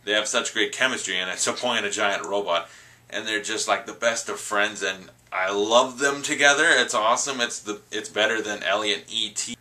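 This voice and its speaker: A man's voice: fairly low pitch, moderate pace, bright, forceful tone. Gushing man reviewing a favorite movie. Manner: gushing, rambling enthusiasm. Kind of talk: casual vlog review.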